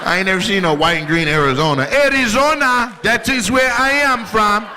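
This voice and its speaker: A man doing stand-up crowd work on a club stage, teasing audience members in a loud, playful way, laughing often. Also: high-pitched, lively intonation, normal speed. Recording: live club audio with audience noise.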